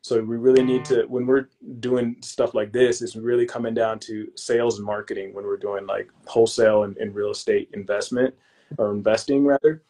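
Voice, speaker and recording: Laid-back low-voiced young man telling stories. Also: brisk. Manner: relaxed and slangy, calls the hosts "bro"; lively storyteller who acts out his own past lines. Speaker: podcast guest, real estate investor. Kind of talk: casual interview chat.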